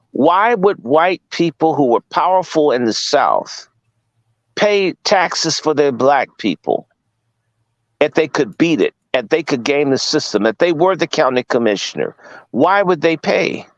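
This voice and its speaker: Male speaker, somewhat high voice, blunt rhetorical lecturing, dull dry recording. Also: sing-song, a little slow, no room sound. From Washington, D.C. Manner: rhetorical, questioning, profane. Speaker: guest speaker. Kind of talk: casual lecturing talk.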